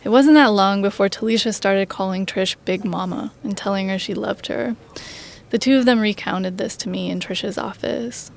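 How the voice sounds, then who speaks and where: Gravelly-voiced woman reporter narrating. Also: mid-range voice. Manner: measured, plain storytelling. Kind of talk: scripted documentary narration.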